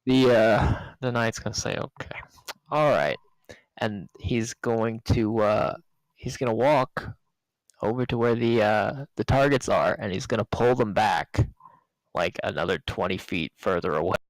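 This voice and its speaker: A man narrating as game master in a relaxed, halting way full of fillers. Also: fairly low pitch, no echo, low-quality recording.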